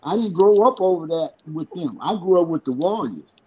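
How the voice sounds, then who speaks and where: A man's voice: on the high side, expressive, moderate pace, a little mellow, husky, muffled recording. A man on a podcast panel, arguing his point in a blunt, emphatic and profane way. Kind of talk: heated casual debate.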